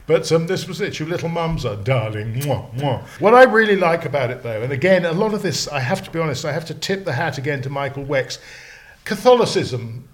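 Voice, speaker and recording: A male slang lexicographer takes part in a casual podcast discussion, animated and prone to digressions and frequent restarts. His voice is a little high, and he talks a little fast.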